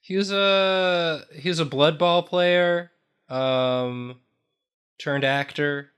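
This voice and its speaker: A speaker with a mid-pitched, bright and smooth voice drifts through jokes in casual chat. The talk rambles, with loose restarts along the way. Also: extremely slow. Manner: rambling, joking.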